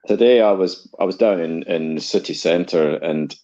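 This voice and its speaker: A man's voice: low voice, moderate pace, mellow, highs cut off. A Scottish man chatting casually, blunt and scornful as he tells a story. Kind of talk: casual chat.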